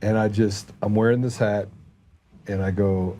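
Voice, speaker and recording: Give me a male podcast host with a low mellow voice, telling an anecdote casually. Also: unhurried, a little hiss or hum. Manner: animated anecdote teller, quotes people in his own voice. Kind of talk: casual storytelling chat.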